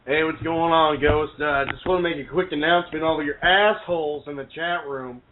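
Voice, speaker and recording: A man's voice: on the high side, fairly even intonation, fairly quick. A man calling into a radio show, rowdy and jeering. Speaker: radio caller. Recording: tinny phone line with faint noise.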